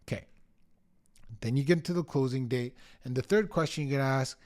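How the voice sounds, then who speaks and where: A man's voice: medium pitch, a little fast, a little mellow. A middle-aged man coaching real estate agents, talking to the camera in a punchy, emphatic way and acting out short bits of dialogue. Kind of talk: energetic coaching talk to the camera.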